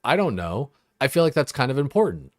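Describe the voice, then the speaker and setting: Very animated and brisk, this young man vents on his gaming livestream in a loose, fed-up way, cursing and using plenty of fillers. His voice is mid-range, captured in studio quality without any echo.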